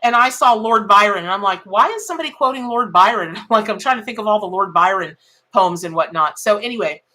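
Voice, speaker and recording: A woman's voice: medium pitch, fairly quick, sharp tone. A woman giving a live tarot reading, chatting folksily with viewers and greeting them by name. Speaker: tarot reader.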